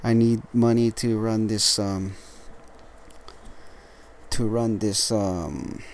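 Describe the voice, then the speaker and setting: A lethargic man talks through his solo podcast in a slightly low voice, tripping over his words and restarting often. He swears casually as he goes. A faint noise sits under the recording. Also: level tone. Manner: rambling, halting, with frequent restarts and swearing. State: tired and lethargic. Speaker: podcast host.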